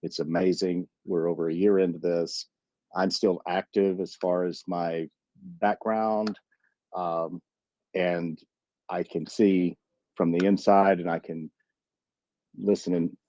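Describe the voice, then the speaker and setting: A man's voice: deep voice, flat delivery, takes it slowly, pauses often, dark tone. A man in his fifties, a veteran calling in to a live audio chat, speaking earnestly and from the heart. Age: 50s. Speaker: caller, military veteran. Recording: slightly dull, lo-fi line.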